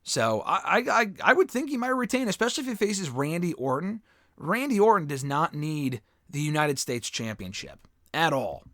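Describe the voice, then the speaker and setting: A man's voice: on the high side, big pitch swings, moderate pace, fairly bright tone, no room sound, clean studio sound. A man hosting a solo fan-question show, talking in a casual, opinionated, rambling way with restarts and the odd swear. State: losing his voice. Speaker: host answering fan questions. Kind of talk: casual solo mailbag talk.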